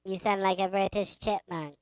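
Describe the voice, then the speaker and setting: A woman's voice: medium pitch, fairly even intonation, moderate pace, clear, resonant tone, dry recording. A woman podcast co-host in casual comedy chat, teasing and laughing often.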